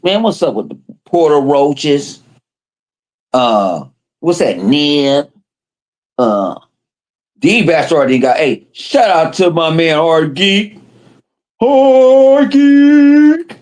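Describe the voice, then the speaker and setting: A man hosting a podcast, telling stories in casual chat with lots of swearing and quoted voices. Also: on the high side. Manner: animated, profane storytelling with quoted voices. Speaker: podcast host.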